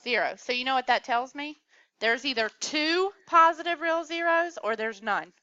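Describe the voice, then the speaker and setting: Bright, clear woman teaching math. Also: high voice, moderate pace, no echo, highs cut off. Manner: coaxing, asks the class questions. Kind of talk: classroom lecture. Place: classroom.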